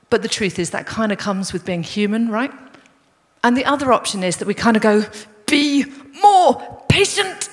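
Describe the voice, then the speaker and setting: A woman preaching a sermon in a conversational, storytelling way. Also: medium pitch. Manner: conversational, storytelling, addresses the congregation as guys. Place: large church hall. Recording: long reverb of a church hall.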